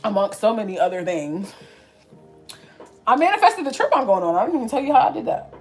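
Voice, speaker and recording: A woman's voice: a little high, very animated, a little fast, soft background music. A young woman in her twenties telling a story to her viewers in casual, slangy chat, laughing often. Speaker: vlogger.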